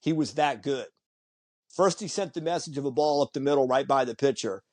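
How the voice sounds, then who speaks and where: A brisk, mid-range male voice belongs to a podcast guest chatting informally. He recounts stories with lots of energy and voices each quoted person himself.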